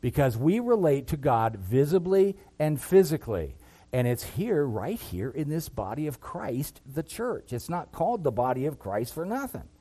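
A man preaching a sermon, reading scripture and building to loud, impassioned peaks before dropping low and quiet. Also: very animated, moderate pace. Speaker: pastor.

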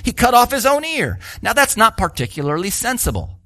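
A man preaching a sermon, animated and full of rhetorical questions, acting out the voices he quotes. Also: high voice, fairly quick, hardly any pauses, no room sound, clean studio sound.

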